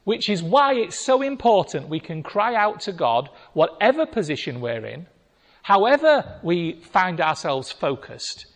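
Animated preacher man in a reverberant hall. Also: high voice, unhurried. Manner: animated storytelling, acting out voices. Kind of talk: sermon.

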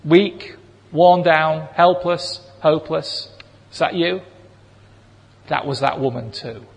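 A man preaching a sermon, animated and acting out voices of people in the stories he tells. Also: fairly high pitch, slow, vocal fry. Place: church hall. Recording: long reverb of a large hall.

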